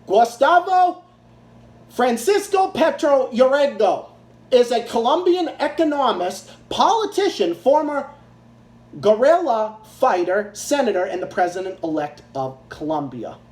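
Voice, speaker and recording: A man's voice: extremely high pitch, big pitch swings, unhurried, darkish tone. A man ranting angrily in a profane, repetitive way, giving political commentary. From Massachusetts, US. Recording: echoey room.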